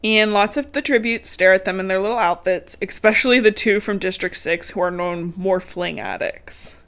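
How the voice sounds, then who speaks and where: A podcast co-host recaps a book in relaxed chat, swearing freely and laughing plenty. Her voice is medium-pitched, a bit bright, and at normal speed, with a dog audible now and then.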